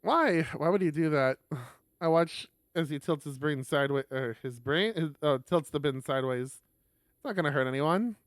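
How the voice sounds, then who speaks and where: A man's voice: a little high, clear, resonant tone, no echo, clean studio sound. A young man streaming, reading a visual novel aloud with laughing, rambling asides.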